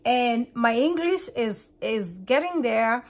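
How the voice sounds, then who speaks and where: Fast-talking woman vlogger. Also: fairly high pitch, expressive. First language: Kikuyu. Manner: fast, chatty, repeats and restarts words. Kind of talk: casual chat to camera.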